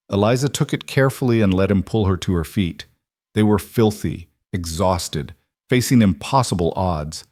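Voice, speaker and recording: Male narrator, low and dry, calm scripted storytelling. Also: dry recording.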